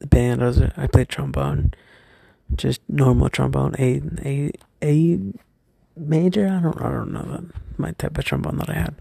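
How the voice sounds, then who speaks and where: A young man telling a personal story from his school days, hesitant and halting, often stopping and restarting. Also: mid-range voice, expressive, gravelly, warm tone, husky, dry recording, clean studio sound.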